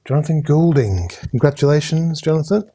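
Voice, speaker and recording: A man hosting a casual live-stream raffle draw from indoors, talking in a chatty, halting way with many hesitations and jokey asides. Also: on the high side, expressive, mellow, husky. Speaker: host drawing raffle prizes. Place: indoors at home with a camera crew.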